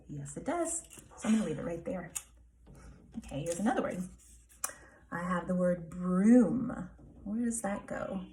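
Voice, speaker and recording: A woman teaching a phonics lesson, with a voice that sits a little low. She speaks slowly and sounds out every word with care, encouraging her pupils as she goes. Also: mellow, a little hiss or hum. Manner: slow, clearly enunciated, encouraging teacher talk.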